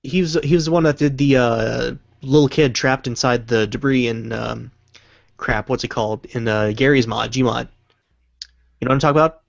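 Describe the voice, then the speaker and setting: A man's voice: medium pitch, normal speed, creaky, no echo. Rambling young man, dull lo-fi chat audio. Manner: rambling, searches for words, swears casually. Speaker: stream host reading viewer questions. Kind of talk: casual stream chat.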